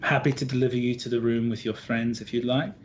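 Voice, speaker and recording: A man voicing Gardy, a soft-spoken, doting host who talks low and hushed, in a lo-fi recording with faint music. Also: little pitch movement, fast talker, slight background noise, lightly acted. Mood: crooning. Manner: low, hushed, crooning delivery.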